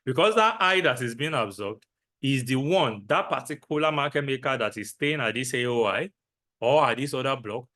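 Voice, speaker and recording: A man's voice: medium pitch, animated, moderate pace, bright, forceful tone. A man teaching a trading lesson, repeating key phrases and answering his own questions. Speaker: trading instructor. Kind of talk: lecture with repetition.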